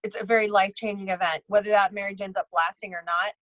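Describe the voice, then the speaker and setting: A woman with a middle-pitched voice tells stories in a casual interview, rambling and circling back with frequent restarts and fillers. She acts out what other people said as she goes. Her voice sits dry and close, with no room around it. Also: fairly even intonation, fast talker, a bit bright, no echo, poor audio. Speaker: psychic medium and bridal tailor, podcast guest.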